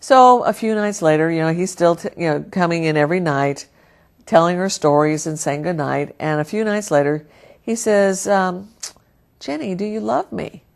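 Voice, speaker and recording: A woman's voice: fairly low pitch, normal speed, smooth. A woman preaching a sermon by telling a story in an earnest manner. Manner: earnest, storytelling, softens at the close. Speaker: Christian speaker.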